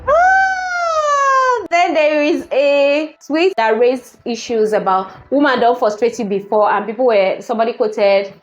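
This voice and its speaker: A woman's voice: fairly high pitch, normal speed, hardly any pauses, dull audio. A woman in her thirties with a Nigerian accent, chatting casually and laughing as she reads out tweets. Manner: laughs often, lively and chatty. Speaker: vlogger. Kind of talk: casual commentary reading tweets.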